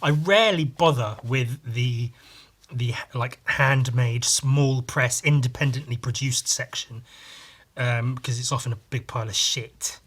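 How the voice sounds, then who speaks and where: A podcast host talks alone in a mid-range, fairly bright voice with a breathy edge, taking his time. His style is rambling and casual, full of swearing and sentences he abandons partway.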